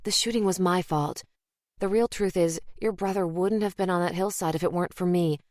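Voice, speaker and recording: A woman's voice: lowish voice, steady tone, a little fast, a little mellow, no room sound, studio quality, natural voice. A woman reading as a tense female profiler. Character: tense, guilt-ridden female FBI profiler.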